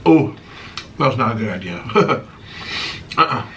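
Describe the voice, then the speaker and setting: Sarcastic, animated man talking while eating. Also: a little slow, distant mic, a little hiss or hum. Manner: sarcastic, theatrical, swings between high and low pitch. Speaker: mukbang host answering viewer questions. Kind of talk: casual chat while eating.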